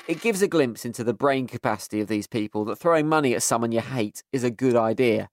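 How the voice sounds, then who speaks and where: A man's voice: mid-range voice, expressive, quick pace, hardly any pauses, dry recording. A man hosting and narrating comedy in a dry, sarcastic way. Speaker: host. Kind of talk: sardonic scripted comedy narration.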